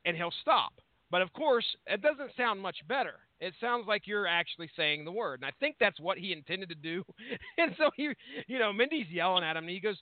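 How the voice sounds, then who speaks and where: High-voiced man on a tinny line. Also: expressive, a little fast, no room sound. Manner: rambling, swears freely. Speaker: podcast co-host. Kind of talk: casual profane chat. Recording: tinny phone-like line, dry.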